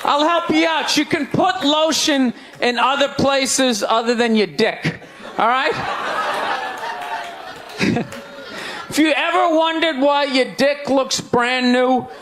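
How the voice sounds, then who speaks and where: High-voiced man ranting on stage. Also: slow pace, long pauses, a crowd in the background, background noise. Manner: loud, incredulous ranting. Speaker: stand-up comedian. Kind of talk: stand-up comedy.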